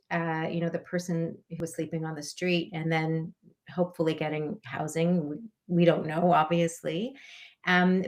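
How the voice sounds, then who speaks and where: Low-voiced woman moderating a webinar.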